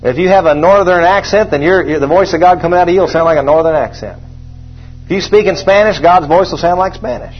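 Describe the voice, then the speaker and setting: Fervent high-voiced preacher. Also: male voice, fast talker, faint music behind. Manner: emphatic, repeats phrases, rises to loud proclamations when reading scripture. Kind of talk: sermon. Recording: dull lo-fi sound.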